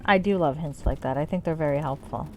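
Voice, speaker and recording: Game music plays in the background as a woman streams a game, her low-pitched, warm voice moving quickly. She chats casually through the let's-play and swears freely.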